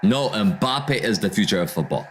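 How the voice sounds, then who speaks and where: A man hosting a football watchalong stream, reading viewer comments aloud and reacting to the match in a relaxed, slangy way. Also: fairly low pitch, normal speed, a little hiss or hum. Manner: reads viewer comments aloud and answers them, calls out match action, slangy "bro". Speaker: livestream host reading chat during a football watchalong. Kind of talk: casual live commentary and chat reading.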